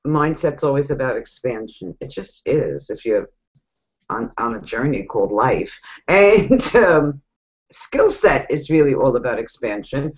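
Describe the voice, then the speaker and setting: A woman with a New York accent giving casual coaching advice, chatty and animated, laughing often. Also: very deep voice. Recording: dull lo-fi sound.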